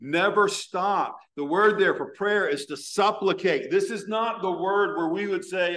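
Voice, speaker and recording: A male pastor preaches earnestly, slowing down to stress words from scripture. When he prays, his voice drops low and hushed.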